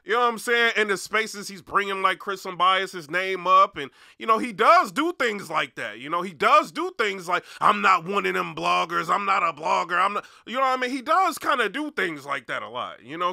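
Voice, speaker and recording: Gravelly, bright-voiced blogger man ranting. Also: sits high, very animated, moderate pace, no echo, studio quality. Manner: rambling, repeats "you know what I mean", gets loud and heated. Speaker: battle rap blogger. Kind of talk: casual commentary rant.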